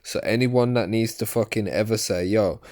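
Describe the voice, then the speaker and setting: A man's voice: fairly low pitch, normal speed, a little mellow. A man giving angry, profane commentary over a recorded argument. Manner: profane, ranting, insulting. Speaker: video commentator.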